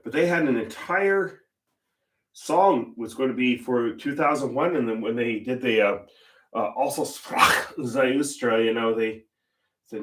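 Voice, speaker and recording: A man's voice: medium pitch, a little slow, distant mic. An older man hosting a painting livestream, telling stories in casual chat and laughing often. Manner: chatty storyteller, laughs often. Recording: roomy echo.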